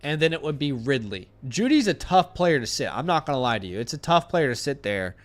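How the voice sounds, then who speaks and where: Very animated and a little fast, this man's medium-pitched voice carries a casual live stream where he answers fantasy football questions from viewers. He's blunt, thinks aloud with plenty of fillers and restarts, and has a runny nose.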